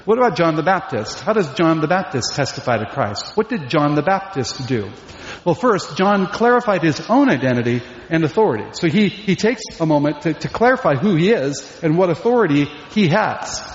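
A man delivers an emphatic sermon in a fairly high voice, often posing questions to his listeners. His words ring out through a large hall with a long echo. The recording is dull and slightly lo-fi. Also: big pitch swings, normal speed. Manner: emphatic, asks rhetorical questions. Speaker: pastor. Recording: echoey hall, dull lo-fi sound.

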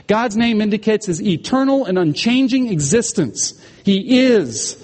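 A man's voice: high-pitched, animated, a little slow, a little mellow, long reverb tail. A man preaching a sermon as pastor, explaining scripture and asking the congregation questions.

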